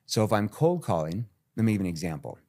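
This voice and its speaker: A man, a sales trainer, talking energetically in an interview and jumping into acted sales calls. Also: quick pace. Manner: animated, jumps into high-pitched role-play voices. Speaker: sales trainer, podcast guest.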